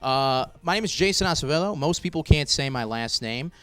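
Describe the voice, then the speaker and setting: A man's voice: a little high, animated, a little fast, sharp tone, smooth, no room sound. A young man doing stand-up comedy in a small room with only crew watching, awkward and rambling, with many fillers and self-deprecating asides. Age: young adult.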